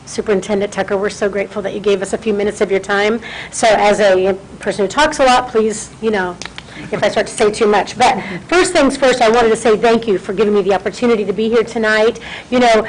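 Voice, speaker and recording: A woman's voice: mid-range voice, fairly even intonation, a little fast, a little hiss or hum, rough recording. A middle-aged woman, a city councilwoman, speaking as a guest at a school board meeting, chatty and self-deprecating, full of thanks. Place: meeting room.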